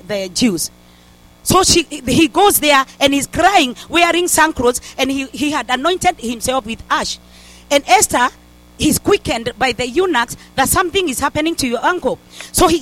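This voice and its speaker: A high-voiced woman preaching a fervent sermon. She exhorts her listeners, circles back to the same refrains, and often restarts her sentences mid-phrase. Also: a bit bright, rough recording. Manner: fervent, repeats "in the mighty name of Jesus", stumbles and restarts.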